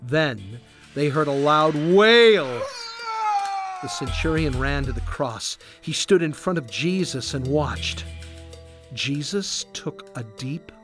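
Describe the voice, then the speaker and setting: A man tells a children's story at an unhurried pace, his voice rising and falling with expression. His pitch sits a touch high, and steady music plays beneath him. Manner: slow, expressive. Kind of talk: storybook narration. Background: background music.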